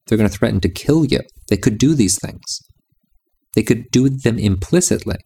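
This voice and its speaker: Gravelly, dark-voiced man teaching intently. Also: on the low side, animated, moderate pace. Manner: insistent, repetitive phrasing. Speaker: music and meditation teacher. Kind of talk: reflective monologue.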